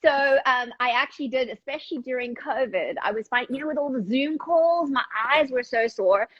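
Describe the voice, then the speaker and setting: A woman with a South African accent and a fairly high voice, chatting as a guest stylist. She is enthusiastic and quick with agreement. Her audio is dry and dull, like a video call. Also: lively intonation, dry recording. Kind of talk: casual conversation.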